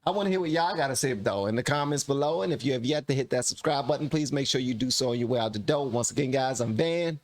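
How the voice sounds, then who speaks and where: A man hosting a reaction channel, giving relaxed, chatty commentary straight to his viewers. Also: mid-range voice, quick pace, few pauses.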